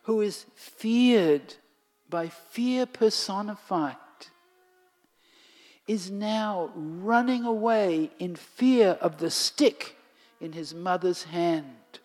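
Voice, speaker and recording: A storyteller narrating a devotional tale slowly and expressively, sinking to a whisper at times. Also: medium pitch, lively intonation, a little mellow. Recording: long hall reverb, faint music.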